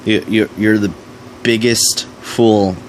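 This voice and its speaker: A young man hosting a reaction commentary, sarcastic and crude, swearing constantly and mock-shouting at the clip he is watching. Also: fairly low pitch, steady tone, takes it slowly, a little hiss or hum. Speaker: commentary host.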